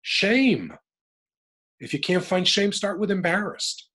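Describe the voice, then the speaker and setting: Speaking slowly in a high, slightly rough voice, a middle-aged American man reflects on his personal life as an interview guest. He's animated and emphatic, working through his emotions aloud.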